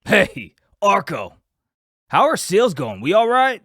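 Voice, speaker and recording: A man voicing a brash, scheming watch business partner in a comedy skit, talking loudly and cursing. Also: high-pitched, expressive, a little fast, gravelly, dry recording, studio quality, pitched above the performer's own voice, exaggerated voice. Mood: friendly. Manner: loud, swaggering, cursing.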